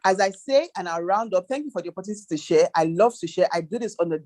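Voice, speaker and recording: A woman financial planner with a fairly low, slightly mellow voice talks quickly and with lively intonation as a panel guest. She drives her advice home emphatically, reeling off percentages and asking rhetorical questions.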